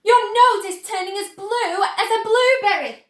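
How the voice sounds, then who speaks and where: A woman's voice: very high voice, measured pace, a bit bright, echoey room, voice pushed up. A woman voicing a panicked mother who screams frantically. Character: shrieking panicked middle-aged mother.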